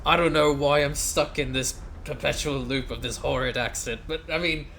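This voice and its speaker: A man's voice: high-pitched, moderate pace, fairly bright tone, slight background noise, pitched above the performer's own voice. A man voicing a pompous, grandiose male ruler in a put-on theatrical accent, declaiming grand proclamations and chuckling to himself. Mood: proclaiming. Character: pompous grandiose male colonial ruler addressing his town.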